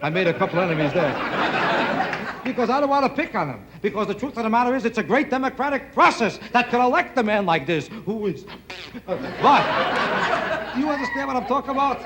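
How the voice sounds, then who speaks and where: Casting: male stand-up comic, New York Jewish accent, high voice, old TV audio with loud crowd. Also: animated, brisk. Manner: wisecracking, sing-song delivery with heavy rhetorical questions. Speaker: stand-up comedian. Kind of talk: stand-up routine to a studio audience. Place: TV studio stage with live audience. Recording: old TV broadcast, loud crowd laughter and noise.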